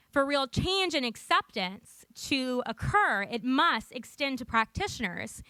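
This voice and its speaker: A woman's voice: high-pitched, sharp tone, clean tone, dry recording. A young woman giving a prepared conference talk into a podium microphone, earnest and lightly humorous as she tells a personal story. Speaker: conference speaker. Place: conference room.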